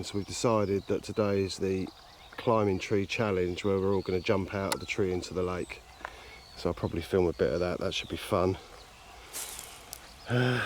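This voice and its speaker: A man's voice: on the low side, darkish tone, slight background noise. A man chatting casually and joking about himself while carp fishing outdoors, filming on a handheld camcorder. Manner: chatty, jokey, self-mocking. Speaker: carp angler vlogger. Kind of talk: casual outdoor vlog chat. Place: outdoors by a lake.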